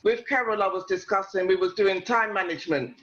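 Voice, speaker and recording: High-voiced man rambling on a call. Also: a little fast, fairly bright tone, dull audio. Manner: loose and rambling, many fillers. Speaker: team leader. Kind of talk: casual chat on a video call.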